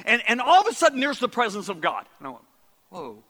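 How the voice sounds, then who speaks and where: A man preaching a sermon and telling a story, animated, often repeating words and dropping to a hushed voice. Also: very high voice, fast talker, big-room sound.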